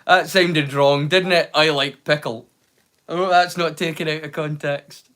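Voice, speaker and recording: A man's voice: fairly high pitch, fairly even intonation, unhurried, fairly bright tone. A Scottish man chatting casually with live viewers, teasing and swearing freely. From Scotland. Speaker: live streamer.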